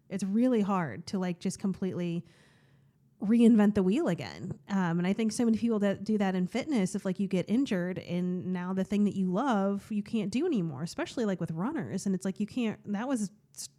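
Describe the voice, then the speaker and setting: Woman podcast host, young adult, warm and relaxed tone, chatty and candid, thinking aloud. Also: mid-range voice. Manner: candid, chatty, many "like" fillers and restarts. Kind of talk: casual personal monologue.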